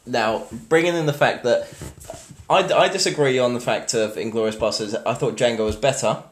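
A young man in casual chat about films, enthusiastic and quick to laugh. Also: mid-range voice. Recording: echoey room with faint noise.

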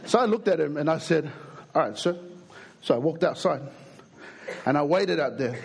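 A young adult man with an Australian accent preaching a sermon, an animated, jokey storyteller who acts out the people in his stories. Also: fairly high pitch, normal speed, creaky, pauses often, husky.

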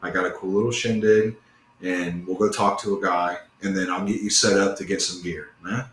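A man's voice: low-pitched, steady tone, moderate pace, fairly bright tone, slight background noise. A man voicing a cunning, easygoing male wizard who talks in a casual, slangy way, recorded in an echoey room. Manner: casual, slangy, mumbling asides.

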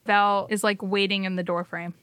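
Bright-voiced woman player. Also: medium pitch, flat delivery, clear, resonant tone, no room sound. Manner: plain, quick action calls. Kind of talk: describing her character's actions.

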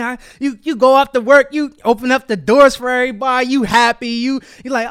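A man with a very high, smooth voice hosts a casual solo podcast. He tells stories in an animated way, slipping into quoted voices, recorded close on a dry mic. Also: fast talker, few pauses, no echo. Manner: animated storytelling with acted-out quotes. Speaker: podcast host.

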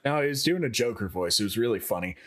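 Joking low-voiced male co-host. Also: lively intonation, quick pace, a loud crowd. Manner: chatty, joking, rambling with fillers. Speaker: podcast co-host. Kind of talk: casual chat.

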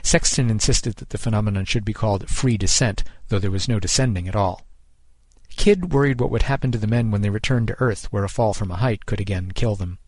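A man giving measured, scripted narration of a short story, close on the mic. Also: lowish voice, a little mellow, no room sound.

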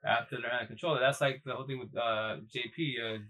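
Man, casual livestream talk, rambling, profane, emphatic, mid-pitched. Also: fairly even intonation, fast talker, bright, forceful tone, low-quality recording. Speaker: livestream host.

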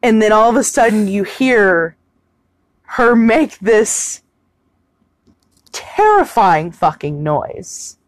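A woman's voice: medium pitch, sing-song, slow, long pauses, no room sound. A woman co-hosting a casual chat, animatedly retelling a film scene and swearing freely. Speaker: podcast co-host.

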